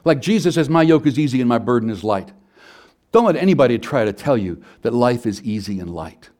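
A man's voice: mid-range voice, lively intonation, brisk. Conversational male pastor telling stories. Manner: conversational storytelling, shifts between soft and loud. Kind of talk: sermon.

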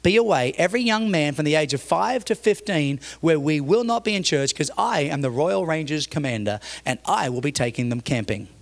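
A pompous youth-group commander with an Australian accent, put on by a preacher, speaking a bit lower and slower than the preacher's own voice. He sounds self-important and insists on his plans. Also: lively intonation, gravelly.

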